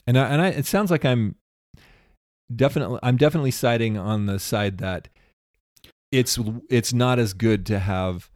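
A man's voice: medium pitch, normal speed, darkish tone, no echo, clean studio sound. Wry, teasing podcast co-host man. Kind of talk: casual chat.

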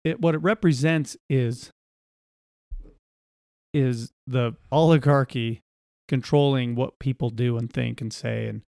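A man co-hosting a podcast in casual chat, animated and laughing as he recounts film scenes. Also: medium pitch, measured pace, vocal fry, pauses often, smooth, no echo, clean studio sound. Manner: animated, laughs while reading out film dialogue. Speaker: podcast co-host.

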